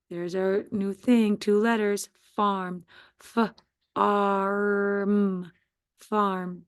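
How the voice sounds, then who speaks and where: Very slow patient woman teaching phonics. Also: mid-range voice, gravelly, clear, resonant tone, no echo, studio quality. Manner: slow, patient, sounding out letters and syllables. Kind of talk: phonics spelling lesson for children.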